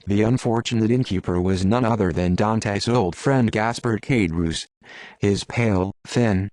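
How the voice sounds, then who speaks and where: A man reads an audiobook in a low, steady voice. The recording is dry and close, with no room sound. His delivery is even and unhurried. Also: no room sound. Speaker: audiobook narrator. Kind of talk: scripted narration.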